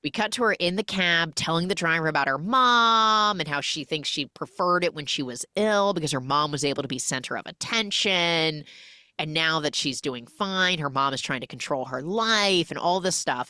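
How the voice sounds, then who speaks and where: A woman hosting a podcast, casually recapping a film as an animated storyteller who acts out the characters' lines. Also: low voice, dry recording, studio quality. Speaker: podcast host.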